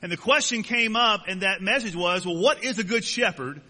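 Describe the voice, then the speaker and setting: Man, pastor, sermon, folksy asides, high-pitched, bright, echoing church hall. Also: normal speed. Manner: folksy, joking asides to the congregation. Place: church sanctuary.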